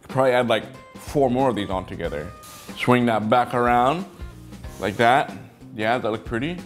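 A chatty man hosting a casual toy review, talking straight to his viewers. His voice is mid-pitched but swings up and down with excitement, and faint guitar music plays underneath. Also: normal speed. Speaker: toy brick set reviewer, channel host. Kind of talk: casual product review vlog.

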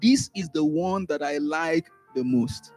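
A man teaching a Sunday school class. He repeats words, restarts phrases and swings up sharply in pitch and loudness when he stresses a point. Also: a little slow, faint music behind. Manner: animated, rises sharply in pitch and volume for emphasis, trails off in asides. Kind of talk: church Bible teaching.

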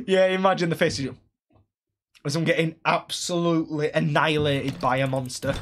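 A young man with a fairly high voice, talking his way through a horror game for a live stream. He chatters excitedly and breaks into yells and shrieks when something chases him, with a steady noise hum behind him. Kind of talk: live gameplay commentary.

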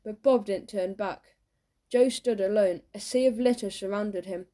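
A woman narrating a children's audiobook in a lively storytelling manner, giving each character a voice. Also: medium pitch, a little slow.

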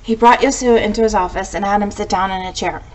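Teacher lady reading a story aloud, gentle, even mid pitch. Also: fast talker, rough recording.

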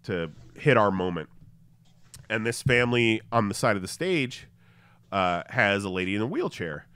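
A man's voice: lowish voice, a bit bright, clear, resonant tone, dry recording. A man hosting a podcast, casually telling a story with swearing and laughter at his own tale. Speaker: podcast host.

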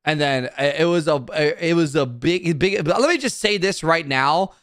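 A male streamer rants to his chat in a heated, profane way, circling back to the same complaints again and again. His voice sits a little high for a man. The sound is dry and close, with no room around it. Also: animated, normal speed, hardly any pauses, fairly bright tone, dry recording. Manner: profane, heated, repetitive ranting. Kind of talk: casual live-stream rant.

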